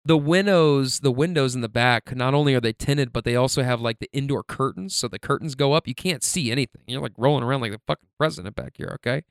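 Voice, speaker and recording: A man's voice: medium pitch, fast talker, few pauses, clear, resonant tone, no echo, clean studio sound. A man hosting a podcast, telling stories in a loose, profane, rambling way full of fillers. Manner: laid-back, profane, filler-heavy rambling. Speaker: podcast host. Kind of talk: casual storytelling monologue.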